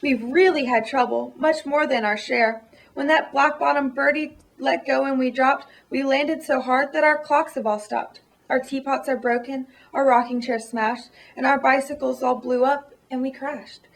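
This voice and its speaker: A man's voice: very high voice, fairly even intonation, normal speed, creaky, fairly bright tone, far from the mic, exaggerated voice. A woman reading the part of a tiny, grateful male town mayor, who sounds friendly and eager.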